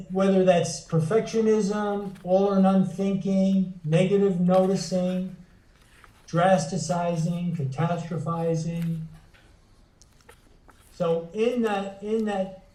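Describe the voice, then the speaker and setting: A fairly high, mellow male voice belongs to a psychotherapist and author who explains things earnestly in an interview, with a teaching tone and frequent restarts. The mic is distant and the room echoes.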